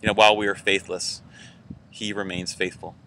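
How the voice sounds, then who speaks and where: A man delivers a relaxed sermon to his church in a low, bright and somewhat tense voice. He talks casually and conversationally, filling gaps with loose fillers. A faint ambient hiss sits behind him. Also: normal speed. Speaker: church pastor. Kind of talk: informal weekend sermon message.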